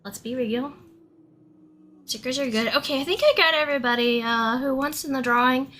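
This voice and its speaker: A woman's voice: high voice, normal speed, fairly bright tone. A young woman chatting casually on a live stream, giggling often and thanking her viewers one by one. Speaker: livestreamer.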